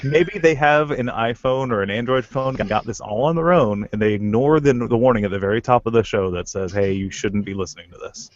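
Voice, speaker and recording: A man's voice: mid-range voice, brisk, hardly any pauses. A man co-hosts a podcast with a mid-range voice that rises and falls a lot as he jokes. The audio is muffled and lo-fi. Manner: joking, lively. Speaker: podcast co-host. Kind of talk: casual podcast chat. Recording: dull lo-fi audio.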